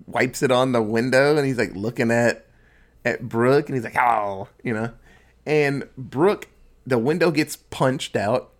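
A man casually retelling a horror film plot, cursing freely, dropping in asides and quick impressions of the characters. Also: mid-range voice. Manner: crude, profanity-laced storytelling with quick asides. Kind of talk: casual movie recap.

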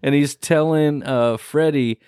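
A man co-hosting a casual podcast, recapping a horror movie with lots of swearing and quick acted-out lines. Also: fairly high pitch, clear, resonant tone, no room sound, clean studio sound. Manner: profane, animated, acts out movie characters in quick bursts. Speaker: podcast co-host.

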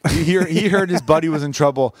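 A man's voice: fairly high pitch, fast, no echo. A man hosting a podcast in casual chat, rambling and profane, often restarting his sentences. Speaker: podcast host.

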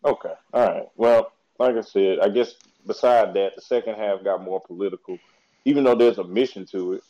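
Male podcast co-host with a relaxed low timbre, excitable slangy rambler, muffled lo-fi recording. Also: normal speed. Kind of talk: casual chat about anime. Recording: dull lo-fi recording.

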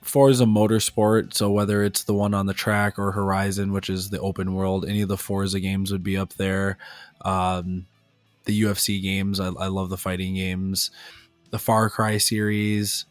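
A young man co-hosts a podcast in relaxed chat, laughing easily. His voice sits somewhat low and sounds dry and close, with faint guitar music behind. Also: moderate pace, no room sound. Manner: easygoing, laughs often. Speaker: podcast co-host. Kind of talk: casual chat.

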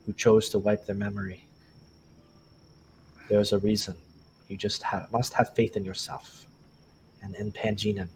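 A man voicing a calm, secretive female half-elf agent in a tabletop game, speaking quietly and evenly. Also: lowish voice, slight background noise, natural voice. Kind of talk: tabletop role-play.

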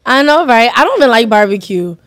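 A woman's voice: fairly high pitch, big pitch swings, brisk, a bit bright, dry recording. A young woman co-hosting a podcast, chatting casually in a blunt, joking way with heavy slang. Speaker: podcast co-host. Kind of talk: casual chat.

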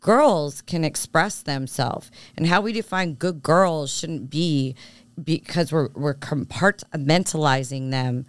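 A woman talks frankly on her podcast, animated and self-assured, wandering into asides as she makes her case. Her voice is smooth and resonant. The sound is dry and close. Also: low voice, slow, no echo. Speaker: podcast co-host. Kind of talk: casual chat.

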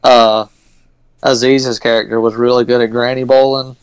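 A man's voice: mid-range voice, little pitch movement, moderate pace, smooth, no echo, poor audio. A man co-hosting a casual podcast chat, giving brief, agreeable replies. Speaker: podcast co-host.

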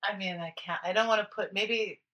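A woman co-host talks through parenting questions in a relaxed chat. She speaks with emphasis, often stopping and restarting her sentences. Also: medium pitch, a little fast, lo-fi sound. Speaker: podcast co-host, former nanny. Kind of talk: casual chat.

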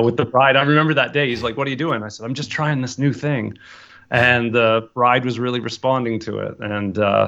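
A man's voice: mid-range voice, vocal fry, dull audio. A man casually telling a story about his start as a wedding photographer, acting out the dialogue. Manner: animated anecdote, acting out quoted dialogue.

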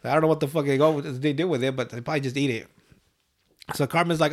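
A man's voice: medium pitch, fairly even intonation, quick pace. A man hosting a podcast, casually recapping a cartoon episode in a loose, profane way and laughing often. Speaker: podcast host.

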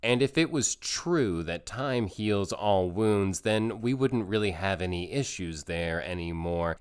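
A man's voice: low-pitched, lively intonation, measured pace, hardly any pauses, clean tone. A man giving a thoughtful, reflective monologue about feelings and healing, building his points through repeated phrases. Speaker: speaker on parenting and emotional healing.

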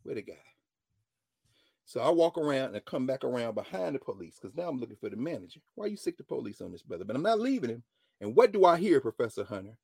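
A man, a professor telling a story in an animated lecture and acting out the dialogue. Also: brisk, creaky, breathy edge, dry recording, clean studio sound. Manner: dramatic, acts out dialogue, swings from low mutters to loud exclamations. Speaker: professor hosting a class-style show.

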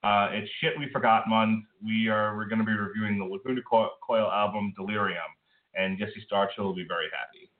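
Low-voiced podcast guy joking around, sounds like he's on a phone in an echoey room. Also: fairly even intonation, a little fast, narrow, tinny audio. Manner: joking, teasing, rambling. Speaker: podcast co-host. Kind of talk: casual podcast banter.

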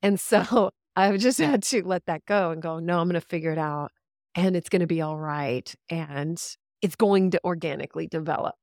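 A woman's voice: lowish voice, normal speed, darkish tone, no room sound, clean studio sound. A woman talking candidly on a podcast, ranting freely, laughing and swearing as she goes. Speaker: podcast guest. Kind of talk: casual podcast conversation.

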